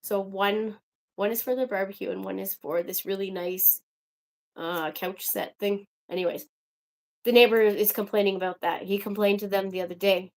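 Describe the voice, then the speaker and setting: A woman's voice: medium pitch, steady tone, normal speed, gravelly. A young woman hosting a casual livestream, chatting to viewers in a rambling, exasperated way. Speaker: livestream host.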